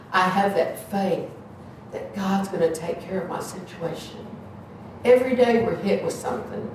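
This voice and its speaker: A woman's voice: mid-range voice, darkish tone, slight background noise. A woman giving an informal, earnest sermon and prayer in a church, talking in a conversational, emphatic way. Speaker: lay preacher leading prayer. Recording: echoey hall, mic far off.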